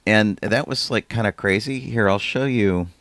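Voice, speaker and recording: A man's voice: fairly low pitch, moderate pace, a bit bright, no room sound. A man co-hosting a podcast, chatting casually and often trailing off mid-sentence. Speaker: podcast co-host. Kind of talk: casual chat.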